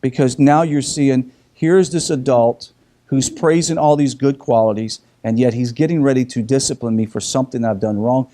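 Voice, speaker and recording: A middle-aged man teaching in a casual group discussion, telling lively stories with frequent restarts. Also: mid-range voice, moderate pace. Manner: animated storyteller with frequent restarts.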